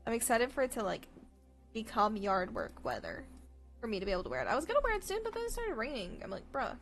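A woman's voice: on the high side, huge pitch swings, fast talker. A woman streaming games, chatting casually with a playful, giggly manner and cutesy baby talk. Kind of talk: casual livestream chat. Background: faint background music.

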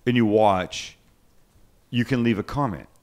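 A man's voice: on the low side, unhurried, a little mellow. A man hosting a cooking livecast, chatting casually and joking with his co-hosts in a rambling, self-interrupting way. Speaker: cooking show host. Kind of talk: casual chat on a live podcast.

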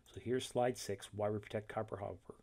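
A man walking through a software tutorial step by step, reading each instruction and then demonstrating it, correcting himself along the way. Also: on the low side, steady tone, a little fast. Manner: methodical, reads steps then demonstrates, self-corrects.

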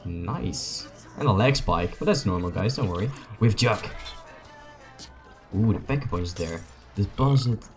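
A young man, a native Dutch speaker, gives excitable, joking, rambling commentary to his viewers as he plays a video game. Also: on the low side, a little slow, soft background music. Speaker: gaming YouTuber. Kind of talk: casual gameplay commentary.

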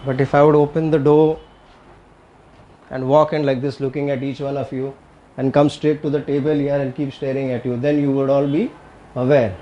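A man's voice: medium pitch, dark tone. A man teaching tai chi and qigong in a live talk, speaking emphatically and often checking in with the audience. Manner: emphatic, repetitive, checks in with "Okay?".

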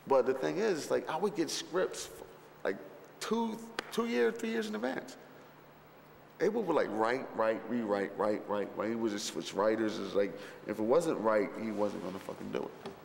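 A man's voice: fairly low pitch, moderate pace, gravelly, a little hiss or hum. Rambling, profane man in an echoey hall. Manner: rambling, profane, full of fillers and restarts; animated storyteller who acts out others' lines. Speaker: interviewee recalling a film shoot. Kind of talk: casual anecdotal interview. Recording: echoey hall with long reverb, faint ambience.

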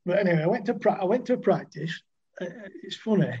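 An older man, a former cricketer appearing as a guest, tells rambling cricket-club anecdotes in a casual chat and laughs often. He talks fast in a high, expressive, warm voice that's slightly rough, and the audio is dull.

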